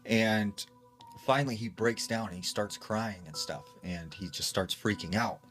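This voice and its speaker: A man with a lowish voice retells a creepy story in loose, chatty spoken style, leaning on "like" and "she's like". Soft background music runs faintly under him. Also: unhurried. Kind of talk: casual spoken scary story.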